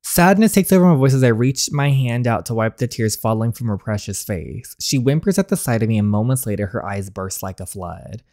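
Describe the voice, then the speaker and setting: A guilt-ridden young man in a story game, telling his heartbreak in first person, read by a man in his own voice. He speaks softly and earnestly, mid-pitched, in a dry, close sound. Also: animated, brisk, hardly any pauses, no room sound, lightly acted. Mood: sorrowful. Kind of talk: reading game narration aloud.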